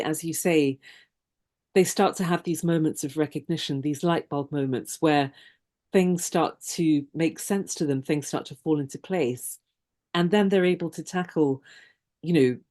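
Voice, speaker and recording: Low-voiced woman, articulate podcast host. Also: a little mellow. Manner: articulate, measured and explanatory. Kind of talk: podcast conversation.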